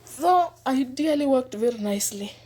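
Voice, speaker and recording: A woman with a slightly raised pitch speaks in an earnest, casual testimony. She circles back over her words for emphasis and now and then drops to a hushed aside. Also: expressive, normal speed. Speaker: former housemaid telling her experience. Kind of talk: personal testimony, casual storytelling.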